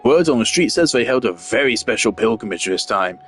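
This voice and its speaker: A man's voice: on the low side, animated, a little fast, soft background music. A man giving casual, blunt commentary while playing a video game, swearing freely and laughing at himself. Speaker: gamer commenting on his playthrough.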